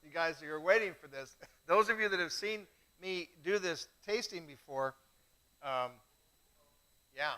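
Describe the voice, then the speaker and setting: A middle-aged man hosts a wine tasting in a chatty, self-mocking way. His voice sits high and sounds bright and forceful. He tells his stories with lots of energy. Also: a little slow, clear, resonant tone, low-quality recording. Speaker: host of a live wine tasting show. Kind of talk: casual live-stream chat.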